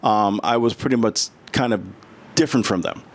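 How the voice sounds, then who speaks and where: A man's voice: mid-range voice, moderate pace. A middle-aged man from the United States, a guest in a casual interview, talking earnestly and emotionally with many restarts.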